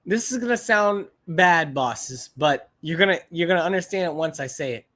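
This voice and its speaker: A man with a slightly higher voice talks loosely to viewers on a livestream. He rambles, repeats himself and swears freely, in a blunt, offhand way. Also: expressive, normal speed, a bit bright. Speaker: livestream host. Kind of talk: casual chat to live viewers.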